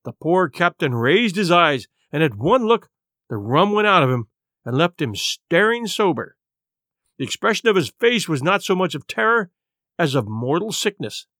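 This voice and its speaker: Expressive male storybook narrator. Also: fairly high pitch, normal speed, dry recording, clean studio sound. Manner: dramatic, varied pacing. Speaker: audiobook narrator.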